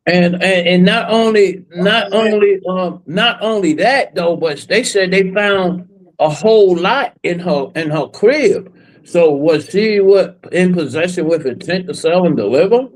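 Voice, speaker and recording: A man's voice: sits high, unhurried, rough recording. A man hosting a casual podcast discussion. He asks questions and hesitates, with many fillers.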